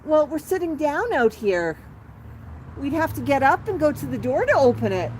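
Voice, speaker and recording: A woman hosting a live stream from her patio, gently soothing her pet bird as if talking to a small child. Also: high voice, very animated, normal speed, low-quality recording. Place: outdoor patio by a street. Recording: outdoor street traffic noise.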